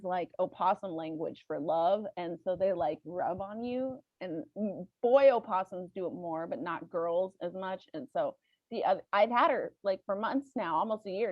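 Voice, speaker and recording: Animated woman telling funny stories. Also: medium pitch, no echo, lo-fi sound. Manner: animated, acts out voices and laughs while telling stories. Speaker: podcast guest, band's lead singer. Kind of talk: casual storytelling chat.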